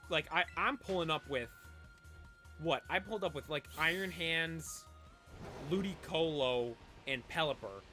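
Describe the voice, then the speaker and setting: Guy streaming and rambling to chat, kinda high voice, bright. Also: measured pace, faint music behind. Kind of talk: casual live-stream chat. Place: cold room at home.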